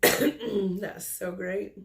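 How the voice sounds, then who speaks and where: A middle-aged medium relays spirit communications in a soft, hesitant way, with lots of pauses and restarts. Her voice sits at a medium pitch, creaky, with a steady tone.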